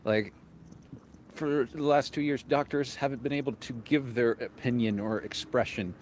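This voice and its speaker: A man's voice: mid-range voice, normal speed, slight background noise. Huffing man livestreaming on a street walk. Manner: reads viewer comments aloud, casual and chatty. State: out of breath from walking. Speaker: livestream host. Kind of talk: walking livestream chat. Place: outdoors on a street in cold weather. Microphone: handheld microphone.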